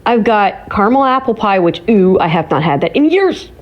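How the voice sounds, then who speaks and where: A woman's voice: mid-range voice, animated, normal speed. Woman from ohio chatting to her viewers at home, teasing and giggly, kinda muffled lo-fi sound. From Ohio, USA. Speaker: vlogger. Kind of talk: casual chat to viewers.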